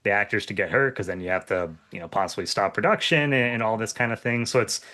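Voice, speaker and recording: A man interviewing an actor, asking loose, rambling questions with many restarts and quick laughs. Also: fairly low pitch, pushed and bright. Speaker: interviewer host. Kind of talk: casual interview chat.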